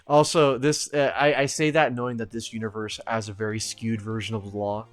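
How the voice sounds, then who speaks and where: A man's voice: fairly low pitch, brisk, no echo, faint music behind. A man streaming live, chatting and laughing a lot while voicing a game's hero. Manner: laughs often, lively and chatty. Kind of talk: casual live-stream voice dub of a game.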